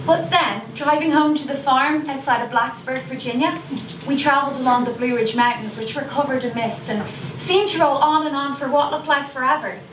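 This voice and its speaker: In a theatrical stage monologue, a woman plays a chatty, confessional Irish teenage schoolgirl, pitching her natural voice high and speaking at normal speed. She drifts into gossipy asides, sheepish yet defiant. The audio comes through a distant mic in an echoey room over a noisy video call.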